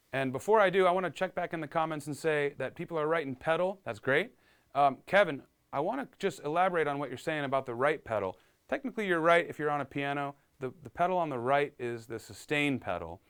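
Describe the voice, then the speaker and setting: A man's voice: fairly high pitch, fairly bright tone, clean tone. A man giving a live-streamed piano lesson, upbeat and chatty, reading viewer comments aloud and explaining as he goes. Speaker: piano teacher.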